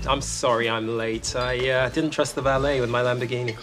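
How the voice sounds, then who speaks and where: A man's voice: mid-range voice, fairly even intonation, fairly quick, a bit bright, lightly acted. An actor playing a suave, smug wealthy man who turns up late for a date, heard in a TV show clip. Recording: TV show clip with music underneath.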